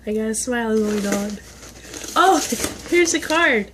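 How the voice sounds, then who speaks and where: Lady gushing over gifts on her vlog, kinda high voice, slow and drawn out, faint hiss behind. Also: expressive. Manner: gushing, gasping and laughing. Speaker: vlogger. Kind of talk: casual unboxing chat.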